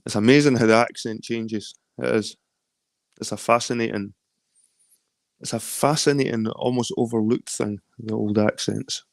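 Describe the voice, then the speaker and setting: A man with a Scottish accent talks in a loose, rambling way during a casual late-night chat, dropping swear words as he goes. His voice sits at a middling pitch. The sound is dry and close, with no room echo. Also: steady tone, moderate pace, creaky. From London. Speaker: chat guest.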